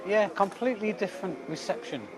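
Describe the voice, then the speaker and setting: A man's voice: sits high, animated, a little fast, noisy background. Jokey man chatting outdoors. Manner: jokey, chatty, reads viewer comments aloud. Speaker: cycling vlogger. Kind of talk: live-stream chat while cycling. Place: outdoors by a river.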